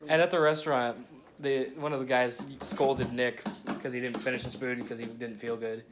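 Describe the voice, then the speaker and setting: A man's voice: mid-range voice, level tone, moderate pace, noisy background. A young man narrating a casual travel vlog from a hotel room, telling rambling, jokey stories. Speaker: vlogger.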